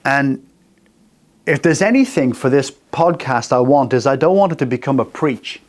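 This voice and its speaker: A man's voice: mid-range voice, lively intonation, moderate pace. A man in his sixties hosting a radio faith talk, earnest and personal, speaking in short repeated phrases. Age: 60s. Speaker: radio host. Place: radio studio.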